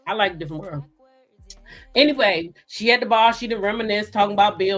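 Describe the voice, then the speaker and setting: A woman host recapping soap opera episodes in a casual, sassy chat with animated storytelling. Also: medium pitch, brisk, soft background music.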